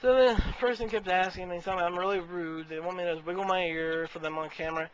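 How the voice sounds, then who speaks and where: A man's voice: high voice, steady tone, fast talker. A man rambling in an exasperated, casual rant to the camera on a webcam mic. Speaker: video blogger. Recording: muffled lo-fi audio with faint hiss.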